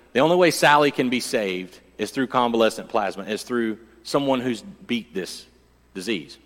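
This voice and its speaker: A man's voice: medium pitch, a bit bright. Male pastor preaching in an echoey hall. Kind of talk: sermon. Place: church.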